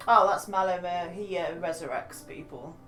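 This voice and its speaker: A woman's voice: fairly low pitch, normal speed, music in the background. Woman player in an echoey room. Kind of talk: tabletop role-play. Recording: echoey room, far from mic.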